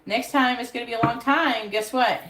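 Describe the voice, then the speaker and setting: A woman's voice: a little high, brisk, fairly bright tone. A woman giving a live tarot reading, handing out blunt advice with plenty of swearing. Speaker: tarot reader. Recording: echoey room with faint background noise.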